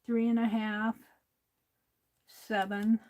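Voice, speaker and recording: A woman's voice: a little high, level tone, takes it slowly, a little mellow. A woman hosting a crafting livestream, chatting to viewers while she works and laughing often. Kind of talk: casual crafting chat while working.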